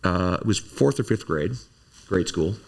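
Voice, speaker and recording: A man from Wisconsin speaks in a very deep voice. He reflects as he talks, pausing and restarting his sentences often. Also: expressive, gravelly. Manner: reflective, halting, many restarts. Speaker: guest, company COO. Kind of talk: personal storytelling.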